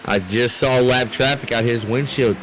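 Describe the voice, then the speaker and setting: An excitable man calls a sim race live, rambling through replays and turning to his producer with questions. His voice sits at a middle pitch. A faint hiss runs under the recording. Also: normal speed. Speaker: sim racing commentator. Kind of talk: live play-by-play commentary.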